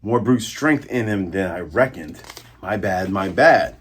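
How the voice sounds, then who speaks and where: Man putting on a sly cat-man fighter, low muttering voice, husky, offhand, manga retelling. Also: animated, measured pace, full character voice. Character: cocky male cat-man brawler, sly and laid-back.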